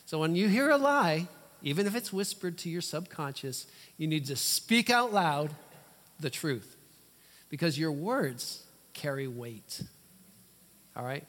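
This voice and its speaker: A male pastor preaching with emphatic, dramatic pauses and sudden loud bursts. His voice sits fairly high for a man, and a long reverb trails each phrase through the church. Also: big pitch swings. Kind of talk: sermon.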